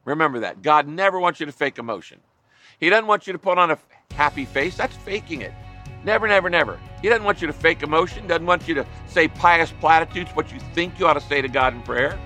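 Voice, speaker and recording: A man's voice: a little high, lively intonation, brisk, sharp tone, faint music behind. A man pastor preaching a sermon, emphatic, driving home points with repeated lists.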